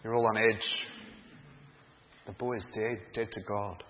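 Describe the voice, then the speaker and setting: A man preaching a sermon, telling a story in a dramatic, deliberate way. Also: on the low side, fairly even intonation, slight background noise. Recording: dull echoey hall sound.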